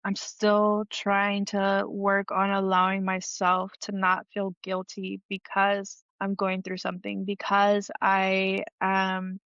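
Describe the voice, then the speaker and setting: A woman's voice: medium pitch, monotone, slow, hardly any pauses, fairly bright tone, clear, resonant tone, no room sound. A woman hosting a faith-based podcast, speaking earnestly and vulnerably about her struggles, close to tears at times. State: emotional, near tears. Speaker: podcast host. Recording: dull, dry lo-fi audio.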